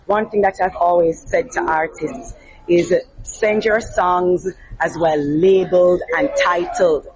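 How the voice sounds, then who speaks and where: A woman hosting a casual backstage interview, talkative and lively, hyping her guest and sponsors. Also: fairly low pitch, measured pace. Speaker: host and interviewer. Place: backstage media room at a music festival. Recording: noisy backstage room.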